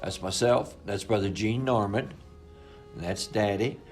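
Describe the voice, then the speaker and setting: A man's voice: fairly low pitch, unhurried, faint music behind. A man in his eighties recounting old family photos in a folksy, rambling way, with colloquial grammar. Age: 80s. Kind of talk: informal storytelling.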